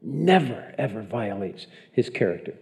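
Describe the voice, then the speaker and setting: A man's voice: lowish voice, sing-song, normal speed, gravelly, darkish tone. A man preaching a sermon in a conversational way, often putting questions to the congregation. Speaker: pastor.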